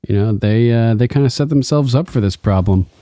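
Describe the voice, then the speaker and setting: A man's voice: mid-range voice, brisk, mellow, no room sound, studio quality. A man co-hosting a casual TV recap podcast, laid-back and joking, chuckling often. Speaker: podcast co-host.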